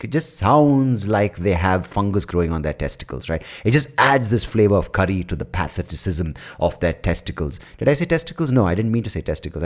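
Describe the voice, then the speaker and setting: A man's voice: lowish voice, very animated, brisk, few pauses. A man with an Indian accent hosting a podcast, rambling, crude, and self-mocking in a comic monologue. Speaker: podcast host.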